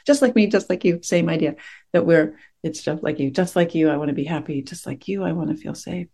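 A woman meditation teacher speaks to her class in a gentle, reflective way, pausing often to find her words. Her voice is warm and mellow, with a gravelly edge and a husky, breathy grain. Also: lowish voice, lively intonation. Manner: gentle, reflective, searching for words with many pauses. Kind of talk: dharma talk to a class.

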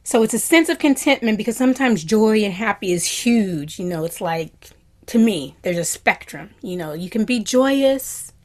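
A woman teaching a meditation class, giving a reflective dharma talk in a gentle voice that often slips into a soft whisper. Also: medium pitch, moderate pace. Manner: animated when voicing happy quotes.

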